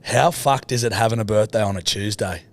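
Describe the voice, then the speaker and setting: A man's voice: lowish voice, fairly quick, no room sound. An Australian man co-hosting a podcast, trading crude, jokey banter and calling everyone mate. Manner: jokey, swears a lot, calls people mate. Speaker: podcast co-host.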